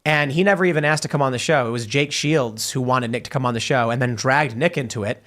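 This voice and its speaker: In casual talk-show banter, a podcast host reads viewer messages aloud and rambles through a long story. He talks fast, at a medium pitch with a slightly bright tone.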